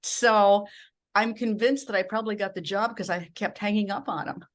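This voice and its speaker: A middle-aged woman from Minnesota, a broadcast journalist telling animated stories as an interview guest. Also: medium pitch, moderate pace. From rural Minnesota. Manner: animated storyteller acting out voices in quotes. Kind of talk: storytelling in a podcast interview.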